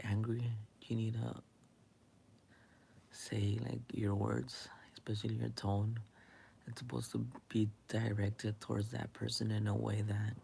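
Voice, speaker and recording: A young man rambling in a late-night monologue, hesitant and halting, with many fillers, often dropping into a whisper. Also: lowish voice, gravelly, dark tone, a little hiss or hum. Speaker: vlogger.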